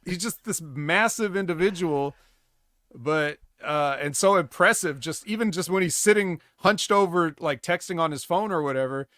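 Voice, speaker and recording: A man's voice: fairly high pitch, normal speed, fairly bright tone, no echo, studio quality. A man co-hosting a wrestling podcast, telling stories in a rambling casual chat full of fillers. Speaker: podcast co-host.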